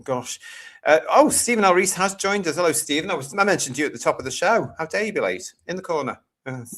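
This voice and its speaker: Reading out comments from his viewers, a UK live-stream host responds with sarcasm and exasperation in this casual show. He has a medium-pitched, slightly bright voice.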